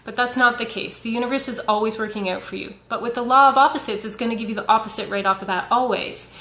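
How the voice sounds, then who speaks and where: A woman's voice: a little high, quick pace, bright, forceful tone. A woman spiritual wellness coach giving a casual motivational talk, earnest and chatty, often restarting her sentences. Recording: echoey room.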